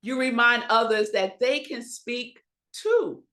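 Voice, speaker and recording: Slow, emphatic woman preaching a sermon. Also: on the high side, a bit bright. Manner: rhetorical questions to the congregation. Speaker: minister. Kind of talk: Sunday sermon.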